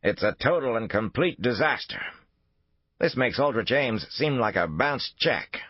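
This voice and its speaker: A man voicing a cold, forceful male intelligence officer who speaks with clipped disdain. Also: low voice, very animated, normal speed, gravelly, no room sound, pitched above the performer's own voice, exaggerated voice. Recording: dull lo-fi dry recording.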